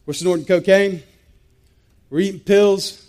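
A man's voice: high-pitched, fairly even intonation, a little slow, a little mellow. A man giving an intense, emphatic personal testimony, repeating phrases for weight. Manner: intense, repetitive, emphatic storytelling. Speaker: testimony speaker.

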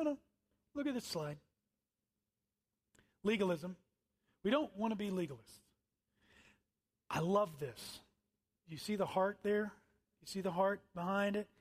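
A middle-aged man preaching a sermon as pastor, moving between loud emphatic lines and soft, almost whispered ones. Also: high-pitched.

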